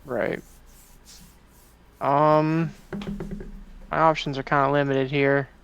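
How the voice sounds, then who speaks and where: Gravelly man playing a tabletop game. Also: on the high side, level tone, takes it slowly, fairly bright tone, muffled recording, slight background noise. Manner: gravelly, thinks aloud, sighs and groans at bad luck. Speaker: player. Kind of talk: casual tabletop game chat.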